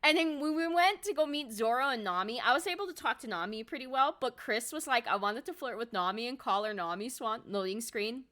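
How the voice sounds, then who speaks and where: Excitable young woman streamer, higher voice, bright tone, swears and rambles. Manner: excitable, swears a lot, quick laughs. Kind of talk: casual live-stream chat.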